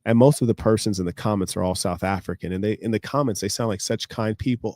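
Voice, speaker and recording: A man's voice: lowish voice, quick pace, few pauses, darkish tone, no room sound, clean studio sound. An American man streaming live, lecturing his viewers in a confrontational monologue. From United States.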